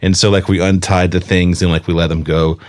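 Casting: young guy, lowish voice, animated storyteller, laughs a lot, podcast host. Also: fairly quick. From rural North Carolina. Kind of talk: casual chat.

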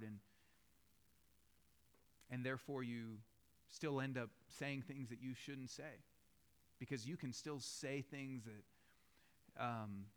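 A man in his thirties preaches a sermon in a church, mid-range pitch. He talks loosely and conversationally, telling stories and building up with animated, repeated questions. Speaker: pastor.

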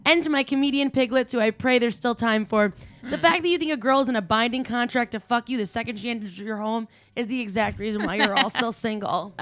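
A woman's voice: a little high, brisk. A woman delivering a scripted, profane comedic rant as a podcast regular, brash and cutting. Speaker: resident commentator.

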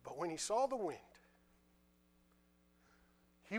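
A man preaching a sermon, reading scripture and retelling it in casual, conversational dialogue, with quiet asides in between. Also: sits high, quick pace. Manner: animated, drops to quiet asides.

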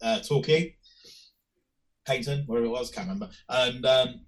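Croaky guy rambling casually on a podcast, restarts a lot. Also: mid-range voice, moderate pace, poor audio. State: croaky voice from a cold. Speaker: podcast co-host.

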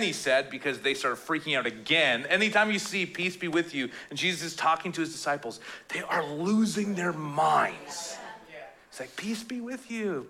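Bright, high-voiced joking pastor. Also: male voice. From Canada. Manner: jokey, animated storytelling with playful quoted voices. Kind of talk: casual conversational sermon.

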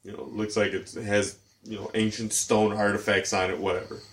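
A man's voice: lowish voice, normal speed. A man in his thirties co-hosting a casual podcast, telling family stories and acting out his mother's lines. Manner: animated storyteller acting out his mom. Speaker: podcast co-host. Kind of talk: casual chat.

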